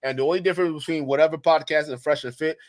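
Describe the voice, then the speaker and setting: A man's voice: a little high, steady tone, racing. A man hosting a casual livestream, reading super chats, rambling and joking with frequent laughs. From Nigeria. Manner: joking, rambling, laughs often, shouts out viewers. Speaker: livestream commentator.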